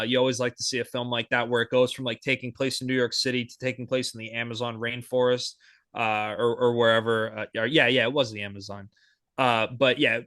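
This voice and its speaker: A young podcast co-host talks in a bright, forceful, medium-pitched voice that comes across clear and resonant. His chat is casual and excited, rambling and full of fillers and restarts. The recording is dry and studio-clean.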